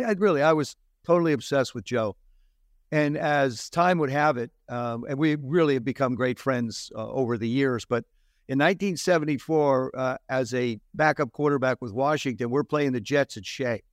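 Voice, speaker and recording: An older man from New Jersey, a former quarterback telling animated anecdotes as an interview guest. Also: mid-range voice, no echo, studio quality. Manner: animated anecdotes with laughs and restarts. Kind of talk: storytelling interview.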